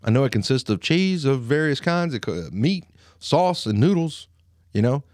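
A man in his late thirties with a Southern Alabama twang talks straight to his listeners in a reflective podcast monologue. His voice sits in a middle register and sounds dry and close. He speaks earnestly and slowly, leaning on pauses to drive his points home. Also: medium pitch, sing-song, darkish tone, no room sound. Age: 30s. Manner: earnest, slow, pausing for emphasis. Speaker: podcast host.

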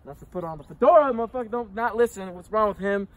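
A man voicing his own exasperated inner conscience, scolding in a hushed tone. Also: sits high, lively intonation, fast talker, voice pushed up.

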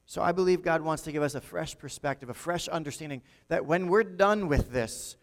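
Male pastor, conversational sermon delivery, slightly higher voice, long hall reverb. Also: fairly quick. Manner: conversational, repeats and restarts often.

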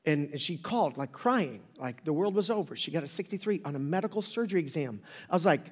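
A man's voice: on the high side, a little fast, husky. A middle-aged man, a pastor, giving a casual, humorous sermon full of rambling stories and jokes. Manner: joking, rambling, animated storytelling. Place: church sanctuary. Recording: long reverb of a church hall.

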